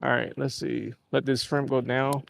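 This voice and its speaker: A man's voice: medium pitch, level tone, normal speed, creaky. A man hosting a casual live fishing stream outdoors on a lake, telling rambling stories with easy laughs. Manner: rambling, laid-back storytelling with easy laughs. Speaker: fishing livestream host.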